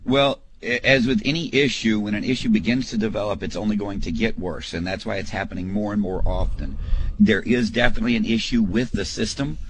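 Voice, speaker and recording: A man co-hosting a home improvement radio show, explaining fixes in a steady, expert way. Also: on the low side, brisk, a little hiss or hum, rough recording. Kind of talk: call-in radio advice.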